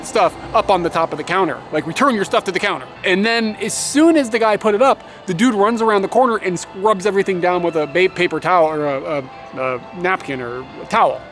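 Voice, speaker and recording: A young man telling a story in a casual travel vlog, animated and swearing, laughing as he rants. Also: high voice. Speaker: motovlogger.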